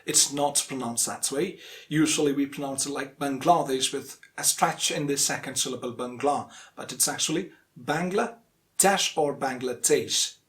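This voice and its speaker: A young man from India teaching English pronunciation, explaining patiently and repeating each word slowly several times. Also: mid-range voice, a bit bright. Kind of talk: instructional explanation.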